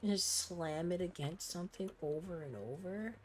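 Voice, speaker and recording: A woman's voice: on the low side, moderate pace, faint music behind. A woman streaming herself playing a video game, chatting playfully and reading the game's dialogue aloud. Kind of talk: casual game commentary.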